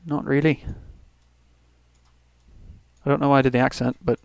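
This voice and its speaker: A man from Canada talks through his strategy game at a middling pitch, wandering between remarks and correcting himself mid-sentence. The sound is dry and close, with no room around the voice. He keeps up a relaxed stream of gameplay commentary. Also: very fast, vocal fry, no room sound. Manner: rambling, thinking aloud with restarts and small asides. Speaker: let's play host.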